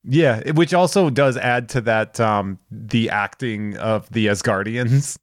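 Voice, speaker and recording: A man's voice: fairly low pitch, measured pace, no echo, studio quality. A man co-hosting a casual podcast chat, laid-back, laughing and quoting characters. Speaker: podcast co-host.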